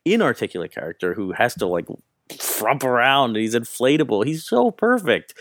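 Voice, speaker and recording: Animated, opinionated man debating films. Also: medium pitch, moderate pace, dry recording, clean studio sound. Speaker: podcast co-host, film critic. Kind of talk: casual film review chat.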